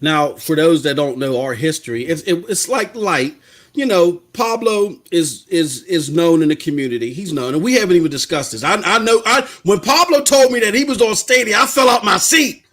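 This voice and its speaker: Animated high-voiced male podcast host. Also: normal speed. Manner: animated, loose and talkative with frequent restarts. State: out of breath. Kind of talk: casual podcast chat.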